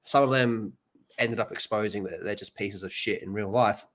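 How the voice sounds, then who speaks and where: A man's voice: fairly low pitch, moderate pace, a bit bright. A man hosting a casual podcast chat, blunt and laid-back, swearing freely. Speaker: podcast host and streamer.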